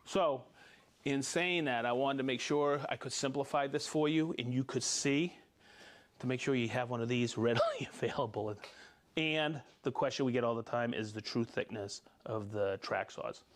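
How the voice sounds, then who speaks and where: A man's voice: medium pitch, normal speed. A man hosting a live tool show, chatting casually, demonstrating gear and cheerfully reading out viewer names. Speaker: show host demonstrating tools.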